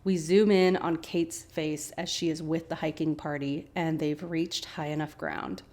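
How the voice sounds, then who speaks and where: A woman hosting a podcast, casually recapping a TV episode with animated, chatty asides. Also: sits low, measured pace. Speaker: podcast host.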